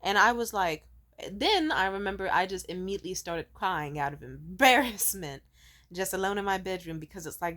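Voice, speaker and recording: A woman in her twenties telling personal stories casually to the camera, swinging from loud excitement to soft, low asides and swearing freely. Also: normal speed. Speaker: vlogger.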